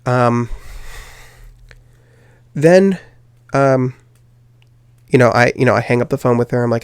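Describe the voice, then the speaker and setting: A man's voice: mid-range voice, unhurried, long pauses, clean tone, no room sound, studio quality. A young man hosting a podcast, telling a personal story in a rambling way, with many fillers and restarts. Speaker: podcast host.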